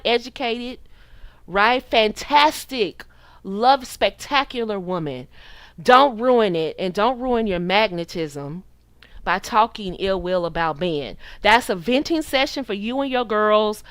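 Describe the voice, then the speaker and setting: An American woman in her forties hosts a channel, delivering opinionated dating advice straight to camera. Her mid-range voice is animated, preachy and sassy, slipping into quoted voices, and the recording is dry.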